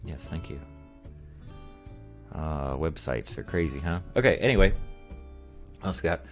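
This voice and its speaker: Low-voiced man chatting on a stream. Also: lively intonation, a little slow, soft background music. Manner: rambling, reads chat aloud, chuckles often. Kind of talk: casual live-stream chat.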